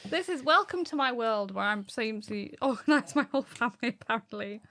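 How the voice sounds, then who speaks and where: Hareketli anlatımlı İngiliz aksanlı kadın. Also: female voice, on the high side, fairly quick. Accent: British. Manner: chatty storyteller, animated, laughs often. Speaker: podcast co-host. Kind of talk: casual chat.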